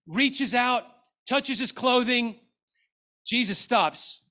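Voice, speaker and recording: A middle-aged man, a pastor, preaching a sermon with passion, dropping to a quiet voice when he quotes scripture. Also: high voice, unhurried.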